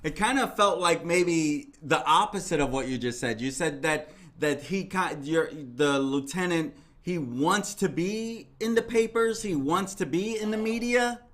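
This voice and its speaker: A man's voice: a little high, measured pace, hardly any pauses, a bit bright. A man hosting a casual interview, reacting to his guest and asking follow-up questions. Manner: reactive, laughs along. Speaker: interview host.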